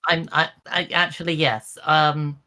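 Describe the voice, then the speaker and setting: A woman's voice: low voice, flat delivery, unhurried, sharp tone. A woman playing a tabletop game, planning the group's moves in a practical way, with hesitant fillers. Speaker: player. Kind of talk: casual tabletop game chat.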